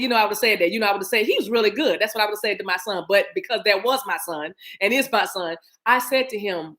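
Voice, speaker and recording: A middle-aged woman gives a spiritual card reading in a loose, chatty way. She is animated and encouraging, acting out scenes with hums and little sounds. Her voice sits at an ordinary pitch for a woman. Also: brisk. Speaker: spiritual reader.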